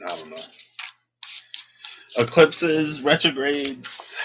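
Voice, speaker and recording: A man's voice: mid-range voice, expressive, moderate pace, background noise. A man doing a casual, rambling tarot reading vlog, chatty and unsure of himself, feeling emotional and close to tears. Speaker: tarot reader.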